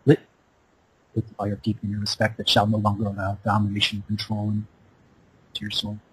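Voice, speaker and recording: A man's voice: on the low side, completely flat delivery, a little fast, fairly bright tone, breathy edge, rough recording. A man hosting a show over a call, giving an impassioned spiritual monologue in a repetitive, incantatory preaching cadence. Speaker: radio show host. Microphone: Skype call.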